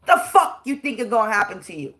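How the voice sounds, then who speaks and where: A woman's voice: on the high side, expressive, fast talker, sharp tone. A woman, a spiritual reader, ranting on a livestream in a blunt, profane and preachy way, drawing out words for emphasis. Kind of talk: livestream rant.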